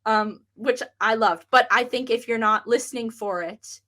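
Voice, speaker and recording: A woman co-hosting a podcast, chatting excitedly about a horror film. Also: fairly high pitch, normal speed. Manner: chatty, excited, fond of fan details. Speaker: podcast co-host. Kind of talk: casual film review chat.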